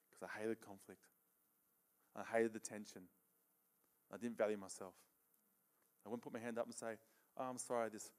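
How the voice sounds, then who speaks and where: A middle-aged man with a mid-range voice gives a casual sermon, frequently checking in with "okay?" and laughing between points. He also leads a live demonstration with a volunteer.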